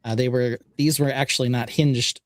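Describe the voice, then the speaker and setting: A relaxed man hosting a casual live stream, walking through his build piece by piece. He talks in an easygoing way, pausing often with little fillers as he explains. His voice sits at an ordinary middle pitch. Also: dry recording. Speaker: podcast host.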